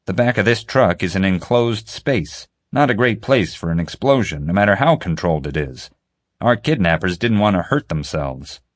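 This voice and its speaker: A man's voice: deep voice, animated, moderate pace, no echo. A man voicing a seasoned male investigator who speaks in a dry, matter-of-fact way.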